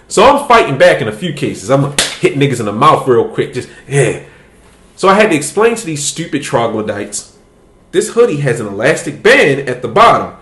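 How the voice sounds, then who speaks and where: A man's voice: fairly high pitch, very animated, fairly quick, a bit bright, roomy sound. A man hosting a podcast, telling a story in casual, profane chat and laughing as he goes. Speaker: podcast host.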